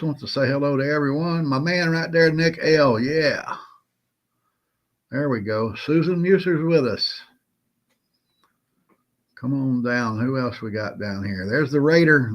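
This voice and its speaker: Casual chat fills this prepping livestream, hosted by a Southern US man with a drawl. His voice sits at an ordinary middle pitch, and he greets viewers by name in a folksy, friendly manner.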